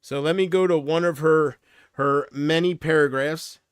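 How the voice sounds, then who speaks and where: Man streaming live, rambling rant, swears a lot, fairly high voice, dry close sound. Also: steady tone, unhurried, clean tone, no room sound. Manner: rambling, profane, talks to chat by name. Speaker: livestream host. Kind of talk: casual livestream rant to chat.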